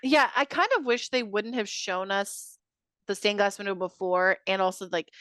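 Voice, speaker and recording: A woman's voice: medium pitch, steady tone, normal speed, a bit bright, no room sound. A woman co-hosting a podcast, making sarcastic, wry remarks about a movie. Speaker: podcast co-host. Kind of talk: casual chat about a movie.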